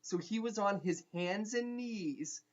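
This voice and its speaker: A young man, a teacher, telling a funny story casually with animated asides and quick restarts. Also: high voice. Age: young adult. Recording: dull lo-fi recording.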